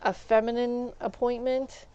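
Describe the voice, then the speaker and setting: A woman's voice: fairly high pitch, measured pace, clean tone, dull audio. A woman telling rambling stories on a stream, acting out what others said. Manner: rambling, animated, acts out quoted people. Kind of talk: casual storytelling while gaming.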